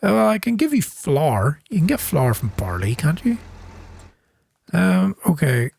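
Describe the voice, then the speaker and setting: A middle-aged Northern Irish man with a softened accent, chatting casually and thinking aloud with plenty of ums as he commentates his own farming game. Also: a little high, very animated, a little slow, gravelly, slightly rough. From Northern Ireland. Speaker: gaming channel host.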